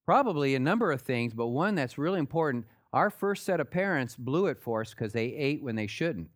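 A man preaching a sermon in a conversational way, guiding listeners through scripture and dropping low and soft on his earnest points. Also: animated, fairly quick. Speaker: pastor.

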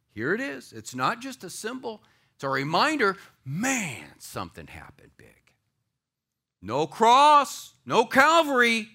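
A male pastor delivers a sermon to a live church audience with a raised, bright, ringing voice. His pitch leaps and falls expressively. He swings from loud declarations to hushed, near-whispered asides.

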